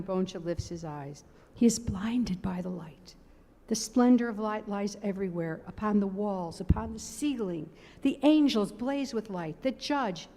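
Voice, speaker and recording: A woman giving a measured, expressive dramatic reading of a story, stressing its repetitions, in a large synagogue sanctuary. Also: medium pitch. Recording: long reverb of a large sanctuary.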